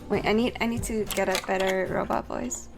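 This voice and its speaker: A woman's voice: medium pitch, fairly even intonation, a little fast, gravelly. A woman streamer chatting casually with her viewers while she plays, swearing freely. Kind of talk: casual gameplay commentary.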